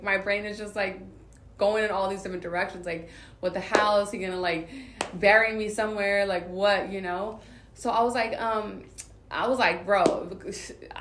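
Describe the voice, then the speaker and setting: A woman's voice: medium pitch, fairly bright tone, slight background noise. A woman from Southern California telling a personal story in casual, rambling talk, full of filler words. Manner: rambling, filler-heavy retelling. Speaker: vlogger. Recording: roomy echo.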